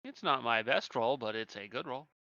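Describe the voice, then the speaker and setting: A man's voice: mid-range voice, animated, normal speed, sharp tone, no echo, highs cut off. A man playing a tabletop game, joking in a wry way. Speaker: player. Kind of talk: casual tabletop game chat.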